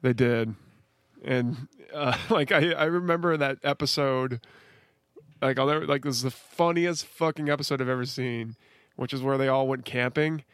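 A man hosting a casual podcast chat, talking excitably, swearing freely and firing off questions. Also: mid-range voice, normal speed, clean tone, no room sound. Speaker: podcast host.

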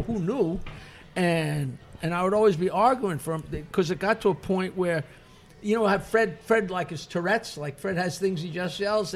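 A man, a comedian guest, telling rambling anecdotes in an animated, casual way and laughing often. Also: sits high. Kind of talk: casual storytelling. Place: bar or restaurant.

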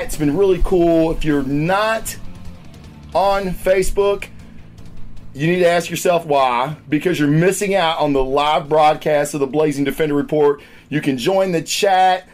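A man hosting a podcast in casual chat, loud, profane and excitable. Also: a little high. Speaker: podcast host. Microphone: studio microphone.

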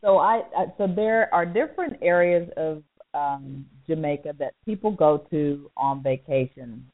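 A man's voice: a little high, measured pace. A man hosting an interview, asking questions and dropping in short friendly remarks. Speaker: host. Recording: phone-like tinny line.

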